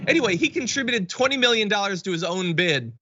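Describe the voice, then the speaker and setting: A man's voice: high-pitched, lively intonation, bright, forceful tone, highs cut off, slight background noise. A man hosting a live political news show, delivering the stories with dry, sarcastic commentary. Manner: sarcastic, wry and quick. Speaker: news talk show host.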